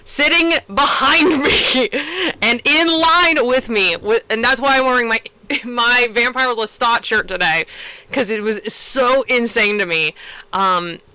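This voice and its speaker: A young woman co-hosting a podcast, telling a rambling, excited story in casual chat and swearing freely. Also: on the high side, measured pace, clean tone, low-quality recording. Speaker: podcast co-host.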